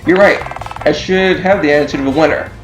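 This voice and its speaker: A man's voice: on the high side, steady tone, quick pace, lightly acted. A man voicing a meek, stammering sad sack. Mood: earnest. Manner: stammering, hesitant. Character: downtrodden phone-headed man, meek and self-pitying. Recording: echoey room with game music.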